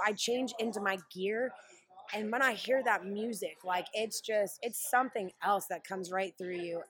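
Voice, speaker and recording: A woman who wrestles professionally, telling stories in a brash, animated way during a casual interview. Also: on the high side, no room sound. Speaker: pro wrestler.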